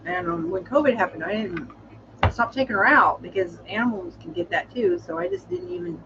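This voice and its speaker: A woman's voice: mid-range voice, fairly bright tone, slight background noise. A woman with a cold casually chatting on a livestream from home, meandering with lots of fillers and restarts. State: has a cold. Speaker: livestream host. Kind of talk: casual rambling livestream chat. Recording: slightly dull lo-fi audio.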